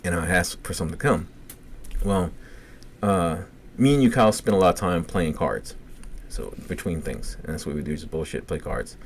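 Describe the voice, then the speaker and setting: A middle-aged man with a Cajun accent, co-hosting a podcast and telling a long story in a casual, profane, animated way, acting out the quotes. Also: low voice, moderate pace, slight background noise. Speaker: podcast co-host.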